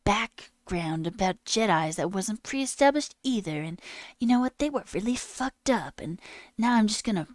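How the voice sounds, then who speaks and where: A woman streamer ranting in a casual, animated way, swearing and mocking voices in quotes. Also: medium pitch, moderate pace, no echo, clean studio sound. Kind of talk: casual live-stream rant. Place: home room.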